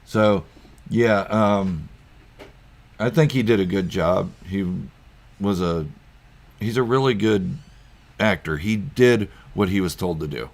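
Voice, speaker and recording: A man's voice: low voice, slow, creaky, long pauses. A man hosting a casual live stream from home, rambling through viewer comments with lots of ums and chuckles. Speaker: YouTube channel host.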